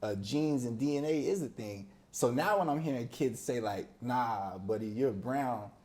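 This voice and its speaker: A young man in a relaxed podcast conversation, his voice mellow and warm at a middle pitch. He tells stories with energy, slips into other people's voices to act them out, and laughs often. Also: moderate pace. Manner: animated storyteller who acts out friends' voices. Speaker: podcast guest. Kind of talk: casual storytelling interview.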